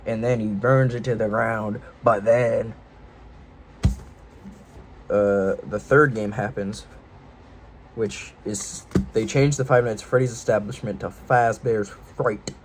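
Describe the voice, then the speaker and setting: A man's voice: on the low side, steady tone, takes it slowly, long pauses, a little hiss or hum, rough recording. A man casually retelling a game series' story in a rambling, offhand, irreverent way, full of loose jokey paraphrase. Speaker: video host.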